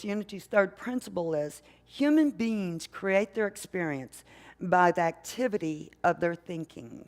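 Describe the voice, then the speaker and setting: An older woman minister delivers a sermon, her speech slow and deliberate, her pitch a little low. She tells stories to the congregation and keeps checking in with them through rhetorical questions. Her voice carries a long hall reverb from the church sanctuary. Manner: unhurried, conversational, asks the congregation questions. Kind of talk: sermon with storytelling.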